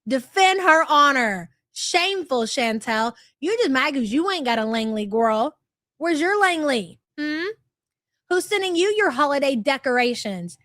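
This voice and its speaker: A woman's voice: high-pitched, fairly bright tone, no room sound, studio quality. A woman in her thirties with a light American country twang, hosting a livestream and reading out viewer chats in a brash, profane, sarcastic way. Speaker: livestream host.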